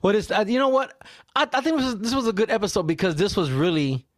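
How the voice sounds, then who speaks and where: A man's voice: sits high, fast, no echo, clean studio sound. A man hosting a casual podcast, swearing freely, laughing often and getting worked up as he chats with his co-host. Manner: profane, animated, laughs often.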